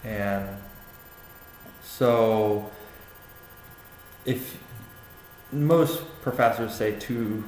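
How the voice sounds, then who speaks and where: Speaking very slowly and pausing often, a young man with a fairly low, darkish voice gives casual feedback on a classmate's paper. He hesitates, uses many fillers and restarts, and the echoey room carries faint ambient noise.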